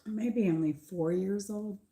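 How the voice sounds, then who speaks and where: An older woman with a mild Southern American accent, chatting casually as a channel host on a garden tour, rambling with pauses. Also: mid-range voice, dark tone. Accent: Southern American mix.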